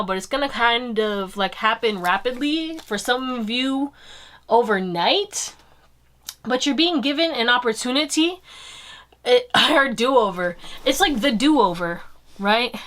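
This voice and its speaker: A young woman talks straight to her viewers through a tarot reading in a fairly high voice. She is chatty and upbeat, and swears in a loose, casual way. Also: bright, forceful tone. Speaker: tarot reader and channel host.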